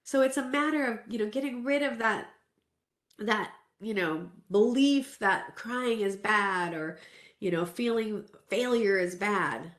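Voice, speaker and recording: A woman's voice: mid-range voice, unhurried. A woman in her forties from Southern California, giving a self-care talk in a candid, earnest, conversational way, sharing a personal story with restarts. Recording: roomy echo.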